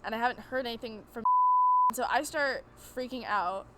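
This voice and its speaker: A woman in her late teens, a podcast guest chatting casually and telling a story with lively acted-out quotes. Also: on the high side, normal speed, heavy background noise. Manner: animated storyteller, acts out quoted lines. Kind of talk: casual chat.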